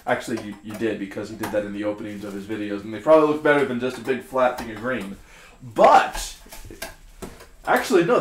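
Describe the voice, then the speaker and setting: A young man co-hosting a casual live stream, joking around and reading chat aloud while painting. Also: medium pitch. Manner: animated and jokey, reads chat aloud. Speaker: streamer co-host. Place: studio room being painted. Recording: roomy echo, faint noise.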